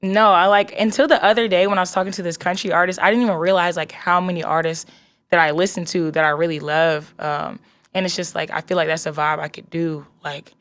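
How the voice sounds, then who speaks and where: A woman's voice: on the low side, fairly even intonation, quick pace, fairly bright tone. A young woman from North Carolina, a singer chatting casually in an interview, full of "like" fillers and upbeat. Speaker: singer guest.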